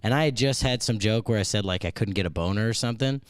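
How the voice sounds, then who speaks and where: Low-voiced comedian telling stories. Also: male voice, fast, clean tone, no room sound. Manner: stammering restarts, laughs through stories. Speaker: comedian, podcast co-host. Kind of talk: casual podcast chat, storytelling.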